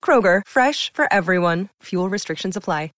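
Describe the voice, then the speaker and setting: A woman's voice: mid-range voice, animated, normal speed, fairly bright tone, no room sound, studio quality. Polished woman reading a store ad. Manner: upbeat, polished. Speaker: commercial announcer. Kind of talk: scripted ad read.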